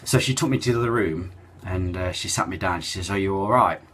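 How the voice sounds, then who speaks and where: A man telling a personal story in a halting, emotional way, with many fillers and restarts. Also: sits low, fairly bright tone, slight background noise. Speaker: cancer survivor telling his story.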